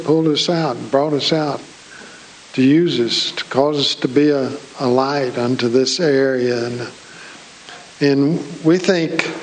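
A man's voice: medium pitch, a little hiss or hum, rough recording. A man preaching a sermon in church, folksy and joking with his congregation. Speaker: pastor.

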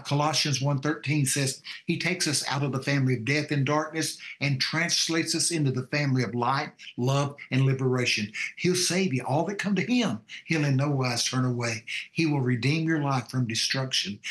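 A man's voice: on the high side, moderate pace, a bit bright, roomy sound. A man, a pastor telling a testimony and preaching in a folksy, fervent cadence. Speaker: pastor and show guest. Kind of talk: preaching testimony on a call-in show.

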